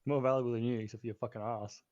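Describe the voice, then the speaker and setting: A man's voice: mid-range voice, fairly even intonation, rapid-fire, a little mellow, lo-fi sound, a little hiss or hum. A man playing in an online tabletop game, chatting in a crude, teasing way. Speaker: player. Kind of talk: casual tabletop game chat.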